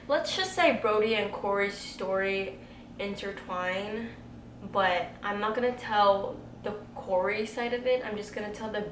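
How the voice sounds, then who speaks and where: A woman in her twenties chatting casually to camera, telling a storytime tale, animated and full of "like.". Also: mid-range voice, far from the mic. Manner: chatty, animated, heavy use of "like". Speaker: beauty vlogger telling a story. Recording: echoey room, faint background hiss.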